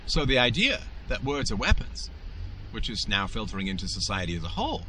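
A low-pitched man delivers an emphatic solo monologue as a podcast host. His tone is bright and forceful, and he keeps pressing his points with rhetorical tags. A faint hum of noise sits behind him. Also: wildly swooping pitch, a little fast, rough recording.

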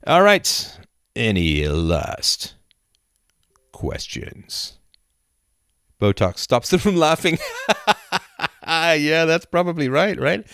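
A middle-aged man hosting a live video chat, reading viewer comments aloud and riffing with animated laughter. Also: on the high side, extremely slow, long pauses, clean tone, no echo, clean studio sound. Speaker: livestream host answering chat. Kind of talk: casual live-stream chat. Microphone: camera and mic on a live video chat.

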